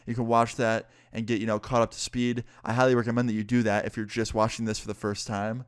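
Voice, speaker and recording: A man telling a personal story in a casual story-time vlog, animated and full of swearing. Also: medium pitch, fast talker, smooth.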